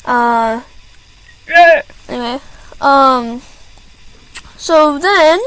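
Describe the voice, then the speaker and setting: High-pitched teen girl rambling slowly. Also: a bit bright, smooth, low-quality recording. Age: teens. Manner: rambling with many fillers and restarts; apologetic asides. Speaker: student venting to camera. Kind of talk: casual rant.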